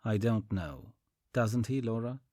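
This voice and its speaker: A man voicing a young small-town man who talks bluntly and sounds puzzled, in a deep, husky voice. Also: expressive, a little slow, warm tone, no room sound, clean studio sound.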